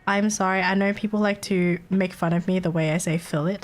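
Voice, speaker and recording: A woman's voice: mid-range voice, fairly even intonation, brisk, faint music behind. A young Australian woman streaming live, chatting casually in a rambling, giggly, playfully crude way.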